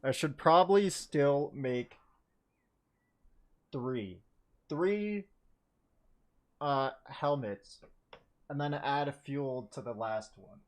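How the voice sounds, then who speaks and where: A man's voice: mid-range voice, extremely slow, long pauses. A man giving casual commentary while he plays a game, thinking aloud, swearing now and then and laughing at his own jokes. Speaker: gamer streaming to viewers.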